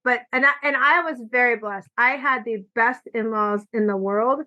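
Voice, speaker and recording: A woman hosting a podcast, chatting casually and telling animated stories, acting out quoted lines, recorded with muffled lo-fi audio. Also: on the high side, moderate pace. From California. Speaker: podcast host. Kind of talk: casual conversation. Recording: dull lo-fi audio.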